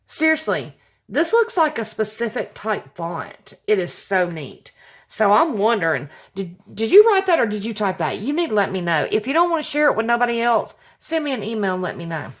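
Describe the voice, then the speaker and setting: A woman hosting a craft channel, chatting casually and gushing with excitement as she unboxes a handmade package. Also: mid-range voice, moderate pace.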